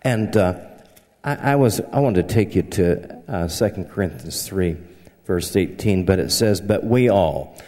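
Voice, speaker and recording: A man's voice: low voice, animated, measured pace, warm tone. A man from the American South preaching with a Southern accent, folksy and humorous, telling anecdotes. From southern United States. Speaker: pastor. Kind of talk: sermon. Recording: long hall reverb.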